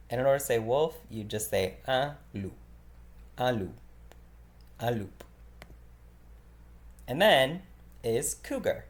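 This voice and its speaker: Man, language teacher; easygoing, filler-heavy delivery; repeats every word slowly for beginners. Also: lowish voice. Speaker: French teacher. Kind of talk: beginner vocabulary lesson.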